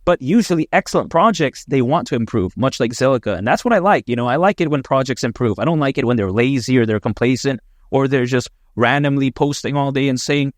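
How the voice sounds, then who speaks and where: A man's voice: mid-range voice, animated, brisk, hardly any pauses, dry recording, clean studio sound. A man hosting a casual, opinionated crypto commentary video, enthusiastic and chatty with lots of fillers. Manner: enthusiastic, conversational, many fillers.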